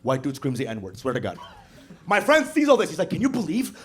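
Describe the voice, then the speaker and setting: A man performing a stand-up comedy set on a club stage, joking in an animated way with a handheld mic. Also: medium pitch, brisk. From Bangladesh. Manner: animated, jokey delivery with frequent laughter. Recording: live club recording, loud crowd laughter.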